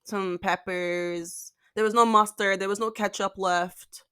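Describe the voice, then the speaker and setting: Bright-voiced chatty young woman. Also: medium pitch, steady tone, unhurried, smooth. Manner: chatty, exasperated, lots of "like". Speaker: vlogger. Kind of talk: casual storytime vlog.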